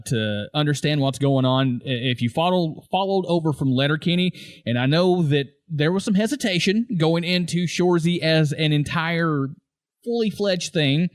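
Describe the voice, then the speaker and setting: A man co-hosts a casual podcast about a TV show, laughing often as he retells favorite scenes and performs quoted lines. His voice is fairly high, recorded with studio quality and no room sound.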